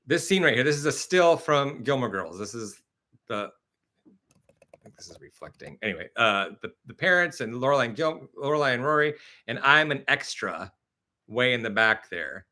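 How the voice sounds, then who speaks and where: Bright-voiced chatty male streamer. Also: mid-range voice, moderate pace. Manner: chatty, animated storytelling with many fillers; reads and answers viewer comments. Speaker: live stream host. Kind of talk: casual live stream chat.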